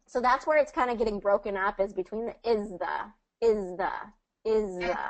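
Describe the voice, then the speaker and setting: A woman's voice: medium pitch, poor audio. Female pronunciation coach on a video call, patient and encouraging. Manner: patient, encouraging, models phrases slowly. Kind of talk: one-on-one online pronunciation lesson.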